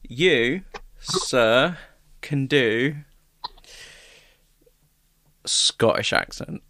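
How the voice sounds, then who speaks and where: A man's voice: medium pitch, very slow, dry recording, clean studio sound. A man co-hosting a podcast, chatting casually and playfully with frequent swearing. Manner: swears a lot, lively, jokey. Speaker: podcast co-host. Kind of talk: casual chat.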